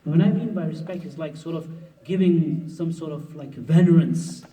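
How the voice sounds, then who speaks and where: Speaking at a moderate pace in a warm, slightly high voice, a male mufti delivers a humorous, conversational marriage workshop, playing out the words of husbands and wives. The setting is a conference's mosque hall, recorded from a distance in a roomy space, so the audio sounds dull.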